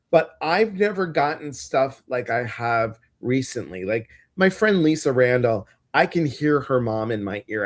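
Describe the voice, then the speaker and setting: A man co-hosting a casual live-stream show, talking in a chatty, animated storytelling way. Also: mid-range voice. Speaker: co-host of a live intuitive show.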